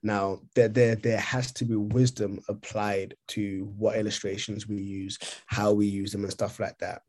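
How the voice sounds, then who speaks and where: A man co-hosting a podcast over a remote call, talking casually and haltingly, often repeating words as he thinks. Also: lowish voice, level tone, a little mellow. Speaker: podcast co-host. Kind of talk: casual discussion.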